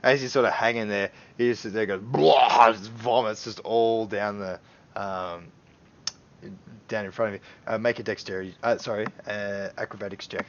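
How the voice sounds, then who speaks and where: A man's voice: fairly low pitch, moderate pace. A man running a tabletop game as dungeon master, narrating scenes with laughter. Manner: animated storytelling with laughs. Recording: dull lo-fi stream audio.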